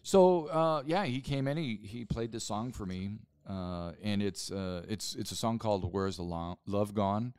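A man's voice: lowish voice, unhurried, few pauses, a little mellow, clean tone, no echo, studio quality. A man who founded a museum, telling stories in a casual interview, recorded at the museum. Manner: chatty storyteller. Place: rock museum.

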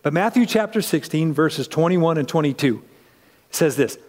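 A man's voice: on the high side, moderate pace, in a large hall. A man preaching a conversational sermon, acting out the people in the story as he goes. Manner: conversational, animated, acts out voices.

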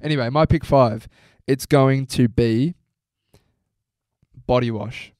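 A man's voice: medium pitch, takes it slowly, a little mellow, dry recording, studio quality. A young Australian man co-hosting a podcast, bantering casually and giving blunt opinions. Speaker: podcast co-host. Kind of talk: casual chat. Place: podcast studio. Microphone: studio mic.

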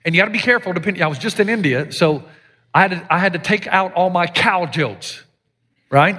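A man preaching a sermon as pastor, animated and joking, with sudden shouted lines. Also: high voice, a little fast. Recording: live sermon with long hall reverb.

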